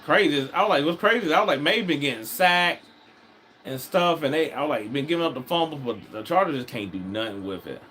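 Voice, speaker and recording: A man's voice: on the high side, quick pace, slight background noise. Rambling slangy man talking football. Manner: rambling, animated, slangy, repeats "I was like". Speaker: football fan commentator. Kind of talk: casual watch-along commentary.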